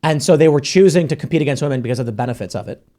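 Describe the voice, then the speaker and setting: A man's voice: medium pitch, racing, warm tone. A man hosting a podcast, talking bluntly and casually, swearing and acting out quoted voices as he argues. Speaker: podcast host. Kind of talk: casual talk-show conversation.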